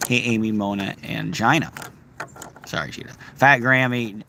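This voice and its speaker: This park livestream host has a medium-pitched, creaky voice that sounds pushed and bright, and he talks briskly. He reads out viewers' names and comments, keeps things playful, and sings snippets of songs. A faint hiss or hum runs underneath.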